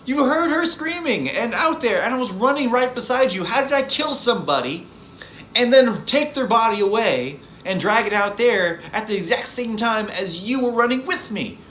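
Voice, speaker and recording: A man's voice: extremely high pitch, expressive, normal speed, a bit bright, echoey room, a little hiss or hum, pitched above the performer's own voice, rough recording. A man putting on the voice of an exasperated woman scientist, mocking and incredulous. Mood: indignant.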